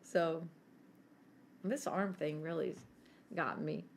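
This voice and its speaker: A woman's voice: low-pitched, slow pace, slight background noise. A woman in her forties telling stories in casual chat as a podcast co-host, brash, laughing and swearing freely.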